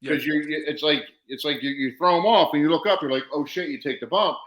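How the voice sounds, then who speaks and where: A man talks shop in a casual, blunt way and swears freely. His voice is bright and a little high, and the room adds a clear echo around it. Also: fast. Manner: blunt and salty, explains wrestling moves. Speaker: podcast host, wrestler. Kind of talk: casual podcast chat. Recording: roomy echo.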